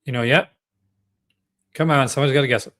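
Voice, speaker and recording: A man's voice: medium pitch, steady tone, fast, a bit bright. Chatty Canadian man hosting a livestream. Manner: chatty, enthusiastic, with many fillers and restarts. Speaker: livestream host. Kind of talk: casual livestream chat.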